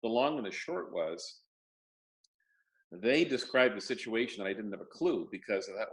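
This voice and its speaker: An older man, a guest in a casual interview, telling stories with dry jokes and halting restarts. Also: on the low side, fairly bright tone. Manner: wry, joking storyteller, halting restarts. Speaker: guest, property lender.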